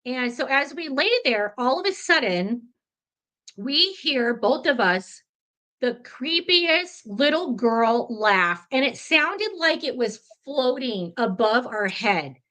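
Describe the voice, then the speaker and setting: A woman guest telling a ghost story in an interview, animated and chatty, with many fillers. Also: sits high, takes it slowly.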